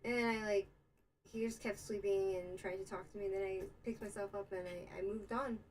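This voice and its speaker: A woman's voice: medium pitch, steady tone, a little fast, a little hiss or hum, poor audio. A young American woman hosting a casual livestream, rambling through a story and answering chat comments. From United States. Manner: rambling, chatty, with many fillers and asides. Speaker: livestream host. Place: Israel.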